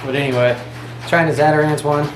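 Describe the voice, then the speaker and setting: A man's voice: a little high, steady tone, a little fast, echoey room, noisy background. A man cooking outdoors by a fire pit in the rain, joking and laid-back in casual chat.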